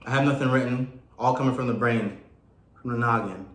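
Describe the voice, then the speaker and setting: Male podcast co-host, playful and crude, medium pitch, roomy sound. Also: brisk. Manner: loud, playful, teasing, swears a lot. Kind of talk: casual chat. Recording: echoey room with faint noise.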